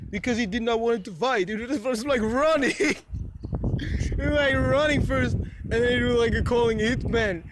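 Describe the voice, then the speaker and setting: A young man with a high-pitched voice rambles through a story to his camera, stumbling over restarts and breaking into laughter often. Faint background noise sits under his voice. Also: moderate pace. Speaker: vlogger.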